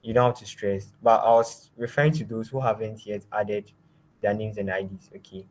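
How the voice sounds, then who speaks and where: A man teaching a design lab, giving step-by-step software instructions and often trailing off quietly. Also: on the low side, steady tone, normal speed, rough recording. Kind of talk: screen-share software tutorial.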